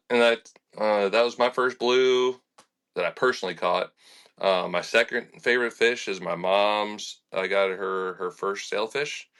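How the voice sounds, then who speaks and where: A young man tells fishing stories in a casual podcast chat. He talks in a lowish but bright, forceful voice. He acts out what people said and laughs often. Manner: animated and laughing, with lots of fillers and acted-out quotes. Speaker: fishing charter captain. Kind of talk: casual storytelling in a podcast interview.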